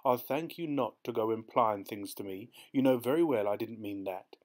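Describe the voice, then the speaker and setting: A man's voice: on the low side, normal speed, close to an everyday voice. A man voicing a desperate male dog owner in an audiobook, pleading and insisting.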